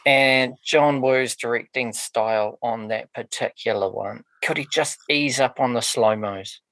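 A man's voice: mid-range voice, unhurried, fairly bright tone, no echo. A man co-hosting a casual film podcast, giving blunt, opinionated takes. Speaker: podcast co-host.

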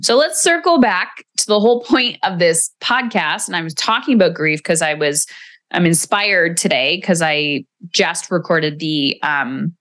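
A woman's voice: lowish voice, fairly bright tone. A woman in her forties hosting a solo podcast, candid and emotional, swearing casually as she reflects. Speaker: podcast host.

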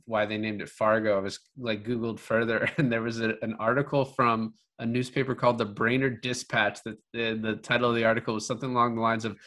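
A man's voice: mid-range voice, little pitch movement, quick pace, hardly any pauses, fairly bright tone. A man co-hosting a podcast, chatting casually about a film in a rambling way full of filler words. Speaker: podcast co-host.

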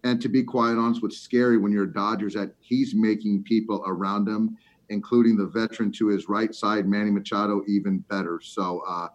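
A middle-aged man, a former ballplayer, chatting about baseball and telling an animated story with lots of fillers. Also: lowish voice, brisk. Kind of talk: casual sports chat. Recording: slightly muffled lo-fi audio.

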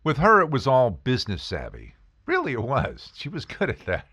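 A man's voice: medium pitch, normal speed, breathy edge, dry recording, clean studio sound. A man telling a funny personal story in casual talk, acting out the voices of the people in it. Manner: animated, acts out voices of people in his stories. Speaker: podcast host telling stories.

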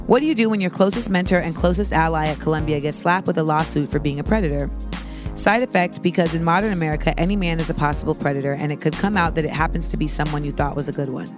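A woman's voice: low-pitched, quick pace, dry recording, clean studio sound, faint music behind. Candid, swearing woman podcast host. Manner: candid, profane, digressive, many "like" fillers. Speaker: podcast host answering listener questions. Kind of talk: casual advice talk.

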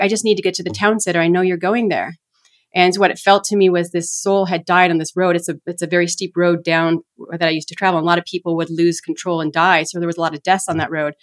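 A middle-aged woman telling a personal story in a casual conversation, animated and acting out quoted voices. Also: lowish voice. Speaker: guest, shaman.

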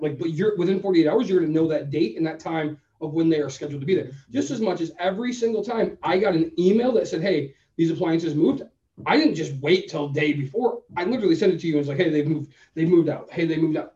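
Man, casual storyteller, slightly high voice, mellow tone, distant roomy mic. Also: fast. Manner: animated, acts out both sides of a conversation. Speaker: podcast co-host. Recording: roomy, distant, dull sound.

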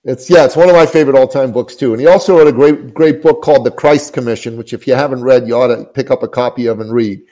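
A man's voice: medium pitch, steady tone, quick pace, hardly any pauses, warm tone, poor audio. A man guest, a business coach, speaking earnestly and emphatically, often repeating his phrases as he tells an inspirational story.

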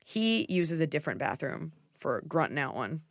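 A woman's voice: low voice, very animated, normal speed, no room sound, clean studio sound. A woman in her thirties hosting a casual advice podcast, blunt and joking, with lots of "like" in her speech. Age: 30s. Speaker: podcast host giving advice.

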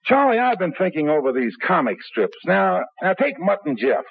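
An actor playing an eager, persuasive young radio performer in a 1950s radio drama. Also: male voice, high-pitched, sing-song, normal speed, gravelly, breathy edge, full character voice. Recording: tinny old radio broadcast.

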